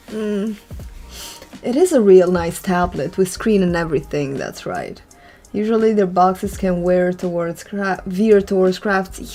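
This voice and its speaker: A woman's voice: mid-range voice, a little slow, a little mellow, faint music behind. A woman hosting an art channel, chatting casually and rambling while she draws and reads viewer comments. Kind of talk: casual chat while drawing.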